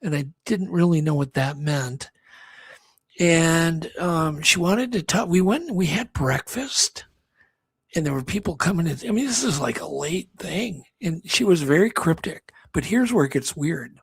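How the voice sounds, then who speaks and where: A man's voice: fairly high pitch, expressive, measured pace, creaky, slightly rough, no room sound. A man co-hosting a talk show, rambling through a story with many restarts and acted-out quotes. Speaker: co-host. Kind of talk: casual storytelling chat.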